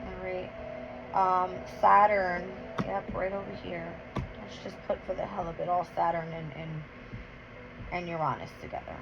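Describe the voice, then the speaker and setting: Loud music plays behind a woman with a lowish, unhurried voice as she does a casual tarot and astrology reading. She counts cards aloud, gets heated, and is blunt and full of curses, on a dull lo-fi recording with clear background noise.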